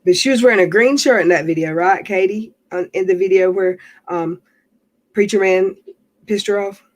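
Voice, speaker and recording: A woman hosts a casual late-night livestream. She talks in a loose, rambling way, trails off often and laughs easily. Her voice sits at an ordinary middle pitch. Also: normal speed. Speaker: livestream host.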